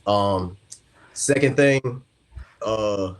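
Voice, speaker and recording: An American man appearing as a podcast guest, talking earnestly and a little haltingly. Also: fairly low pitch. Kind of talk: casual podcast chat.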